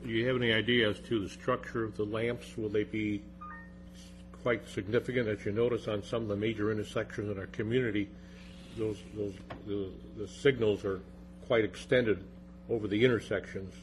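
A man serving as alderman, asking questions in a committee meeting in a halting way with repeated words. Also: lowish voice, fairly even intonation. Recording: noisy meeting room recording.

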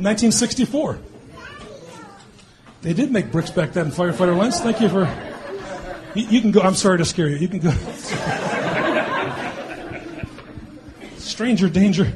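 A man in his fifties or sixties, a mayor teasing children at a public meeting with quick jokes and frequent laughs. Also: high-pitched, expressive. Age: born 1964, 50s or 60s. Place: meeting hall with an audience. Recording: crowd noise behind. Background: crowd.

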